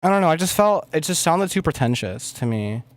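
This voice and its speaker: A young man with a fairly high voice and big swings in pitch talks briskly and casually while livestreaming his music production. He rambles, swears under his breath, and trails off into mumbles between thoughts, clicking away at his desk mic. There's no echo on the recording.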